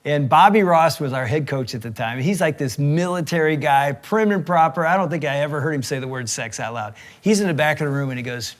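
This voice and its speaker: Animated storytelling man, fairly high voice. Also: fairly quick, few pauses. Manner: animated storyteller, acts out quotes. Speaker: pastor and podcast co-host. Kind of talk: casual storytelling chat.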